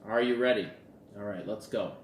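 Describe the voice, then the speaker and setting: A man's voice: lowish voice, normal speed, reverberant, slight background noise. A man talking casually as a relationship coach, telling a story and acting out bits of dialogue. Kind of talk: casual talk to camera.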